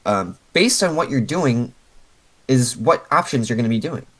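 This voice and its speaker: A man's voice: mid-range voice, lively intonation, moderate pace, fairly bright tone, rough recording. A man coaching a player over a voice call, patiently explaining step by step with lots of fillers. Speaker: game coach.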